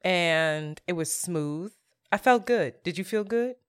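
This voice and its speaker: Laughing, animated woman podcast co-host. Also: fairly low pitch, slow pace, smooth. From Philadelphia area. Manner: animated storyteller, laughs often. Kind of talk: casual chat.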